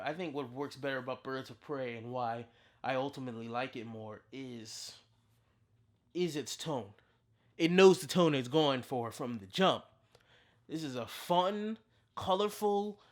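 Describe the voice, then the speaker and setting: A reviewer in their thirties giving a casual, unscripted film review as a channel host, excitable and full of restarts. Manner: excitable, with big pitch jumps and frequent restarts.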